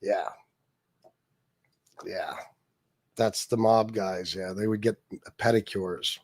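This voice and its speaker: A man's voice: fairly low pitch, slow pace, a little mellow, no room sound. Profane, sarcastic male livestream host. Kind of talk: casual political livestream, reading chat.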